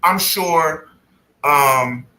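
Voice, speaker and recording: A man's voice: a little high, extremely slow, bright, forceful tone. A man co-hosting a casual podcast, agreeable, thinking aloud and repeating words as he goes. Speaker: podcast co-host. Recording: echoey room with faint noise.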